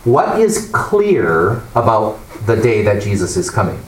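A man teaching a Bible class, explaining and asking the class questions in an animated way. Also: on the low side, unhurried. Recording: echoey room, mic far off, faint noise.

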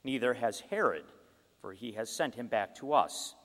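A man's voice: mid-range voice, expressive, moderate pace, fairly bright tone, pitched below the performer's own voice, close to an everyday voice. Pilate, a man reading as a troubled governor. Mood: reasoning. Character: stern male Roman governor, troubled. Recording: long hall reverb.

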